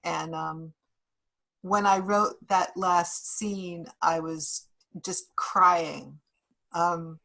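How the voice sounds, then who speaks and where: A woman's voice: fairly low pitch, steady tone, extremely slow, vocal fry, sharp tone, low-quality recording. A woman author speaking to a class over a video call, reflective, with frequent ums and restarts. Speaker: guest author.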